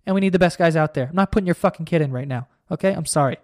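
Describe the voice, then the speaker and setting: A man's voice: on the high side, very fast, a little mellow, no room sound, clean studio sound. A young man hosting a solo podcast, ranting in a heated, profane and sarcastic way. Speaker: podcast host.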